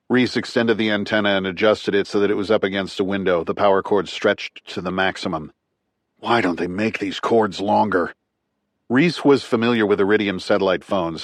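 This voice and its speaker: A man narrating a thriller audiobook in a tight, clipped, measured way. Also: deep voice, dry recording.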